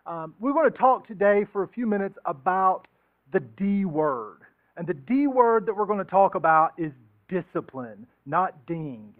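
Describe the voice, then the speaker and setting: Casting: male pastor, high voice, easygoing joking sermon, dry thin phone-like recording. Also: lively intonation, moderate pace, hardly any pauses, no room sound. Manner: joking, conversational, acts out quoted voices. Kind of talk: casual sermon. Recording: tinny phone-like sound.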